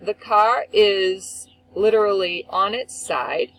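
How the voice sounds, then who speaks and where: A woman hosts a faith talk show and tells a story with lively, expressive delivery. Her voice is middle-pitched, with faint noise behind it. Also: takes it slowly, poor audio. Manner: expressive, acts out quotes with big pitch swings. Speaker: host. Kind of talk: animated storytelling.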